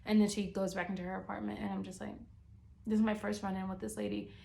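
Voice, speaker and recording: A woman's voice: medium pitch, flat delivery, quick pace, vocal fry, darkish tone. A young woman vlogger telling a story in casual chat. She sounds exasperated and chatty and leans heavily on the filler "like.".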